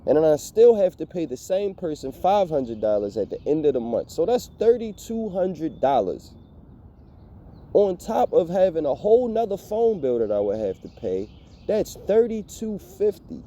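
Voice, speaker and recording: A young man telling a storytime vlog rant, animated, profane and exasperated. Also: a little high, normal speed. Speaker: vlogger.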